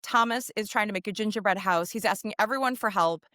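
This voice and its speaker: A woman's voice: mid-range voice, fast, bright, forceful tone, no echo, studio quality. A woman co-hosting a podcast in casual chat, recapping a film's plot in a rambling way with lots of fillers. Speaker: podcast co-host.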